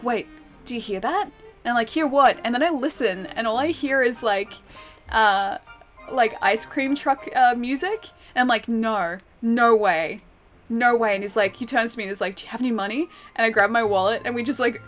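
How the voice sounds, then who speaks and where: A young woman with a slightly high voice chats loosely with her stream viewers as she plays. She giggles a lot and trails off into asides and fillers. Faint game music plays behind her. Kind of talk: casual gameplay chat, reading chat aloud.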